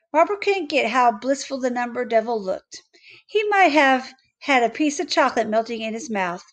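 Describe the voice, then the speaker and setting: High-voiced woman reading aloud. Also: lively intonation. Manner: halting, with slips and restarts. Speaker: reader. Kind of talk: reading a children's book aloud.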